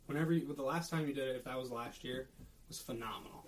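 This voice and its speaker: A man's voice: mid-range voice, quick pace. A young man with a Minnesotan accent, co-hosting a casual podcast chat and telling stories in which he acts out his coworkers. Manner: storytelling, acts out coworkers' voices. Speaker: podcast co-host.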